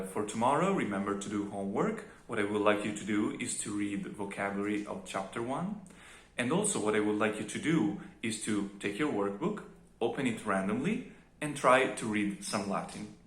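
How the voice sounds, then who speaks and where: A man's voice: lowish voice, fairly bright tone, slightly rough. A man teaching a recorded lecture on pronunciation, explaining carefully with fillers and restarts. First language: Italian. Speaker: Latin teacher.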